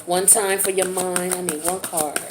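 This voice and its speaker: A woman's voice: on the low side, steady tone, moderate pace, very noisy. A woman giving a casual tarot reading in a chatty, slang-filled way. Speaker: tarot reader.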